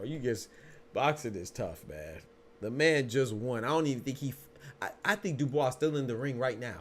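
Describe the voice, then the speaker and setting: A man's voice: medium pitch, slight background noise. A man hosting a boxing podcast in casual, slangy livestream talk, speaking to viewers in chat.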